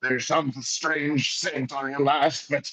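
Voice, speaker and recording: A man's voice: fairly high pitch, level tone, slow, sharp tone, full character voice, rough recording. Man doing a brash crude old adventurer. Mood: boastful. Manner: gruff, swaggering, folksy insults.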